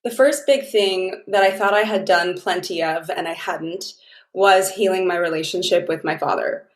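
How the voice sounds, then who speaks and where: A woman's voice: on the low side, normal speed, roomy sound. A woman guest on an interview show, telling stories in an effusive, heartfelt, rambling way. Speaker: guest, dating mentor. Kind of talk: casual interview chat.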